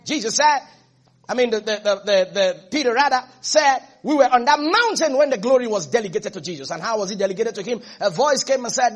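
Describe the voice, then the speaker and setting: A male pastor with a very high voice, preaching a sermon. He repeats his points with emphasis and keeps checking in with the congregation. His tone is husky and a little breathy. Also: animated, a little fast.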